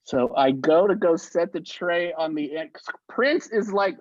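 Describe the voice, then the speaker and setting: Guy in his 50s spinning a wild story, slightly high voice, dry muffled audio. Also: measured pace, no echo. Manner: animated, acts out the people in his stories. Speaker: interview guest. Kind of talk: anecdotal storytelling.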